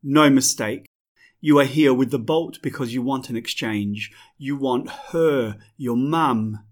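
A man's voice: medium pitch, unhurried, close to an everyday voice. A man voicing a towering, wrathful male god of the dead who speaks in an imperious, scornful way.

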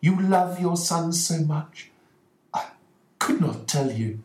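A man voicing a gentle, devoted wife in a raised, soft voice for an audiobook story. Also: a little high, lively intonation, slow pace, voice pushed up. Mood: tender. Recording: roomy echoing recording.

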